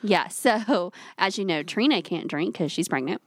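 A woman's voice: fairly low pitch, expressive, moderate pace, no room sound, clean studio sound. A woman co-hosting a podcast with casual chat and wry, joking asides. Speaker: podcast co-host.

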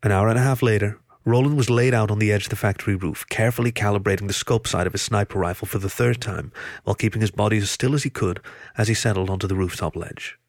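A man narrates a thriller story in a low voice, steady and even. The sound is dry and close, with no room around it. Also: quick pace, dry recording. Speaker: audiobook reader.

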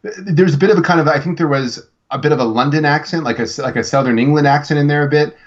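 A man's voice: a little high, fast talker, lo-fi sound. Rambling male podcast co-host. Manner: rambling, with many restarts. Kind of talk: casual chat.

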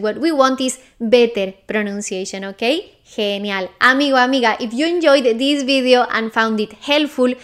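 A woman's voice: sits high, a bit bright. Patient Spanish-accented woman teaching pronunciation. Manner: clear, patient, checks in with "okay?". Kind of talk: pronunciation lesson.

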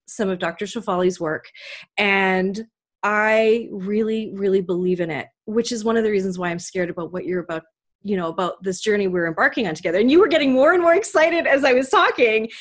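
A woman's voice: medium pitch, normal speed, a bit bright. A woman from Canada hosting a podcast interview, talking in an earnest, heartfelt way about a personal story. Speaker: podcast host. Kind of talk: emotional conversational interview.

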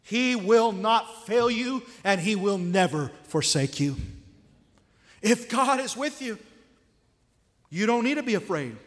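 A man's voice: sits high, expressive, slow pace, pauses often, long reverb tail. A man preaching a sermon in a conversational way, often asking his listeners rhetorical questions.

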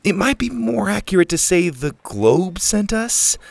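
A man's voice: high voice, very animated, measured pace, vocal fry, no room sound, voice pushed up, heavily acted. A man voicing a defiant, irritable young girl who speaks sharply.

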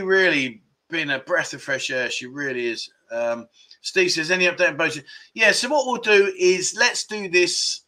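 Bright-voiced chatty man. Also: on the high side. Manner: chatty and candid, chuckling often. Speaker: livestream host. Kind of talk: casual live chat reading viewer comments.

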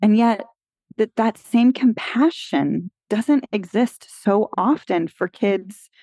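A woman, a podcast host who used to teach, agreeing warmly and adding her own points in a conversational interview. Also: medium pitch, no room sound. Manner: affirming, quick to agree and build on points.

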